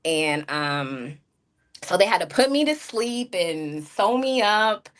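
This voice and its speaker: A woman's voice: on the low side, sing-song, takes it slowly. A woman streamer telling a personal story to her chat in a frank, rambling way, full of fillers and asides to her viewers. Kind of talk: candid livestream storytelling.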